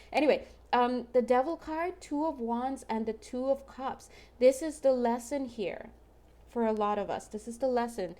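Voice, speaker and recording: A woman's voice: on the high side, unhurried, mellow. A woman giving a casual tarot reading to her viewers, chatty and emotional, often checking in with "right?". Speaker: tarot reader.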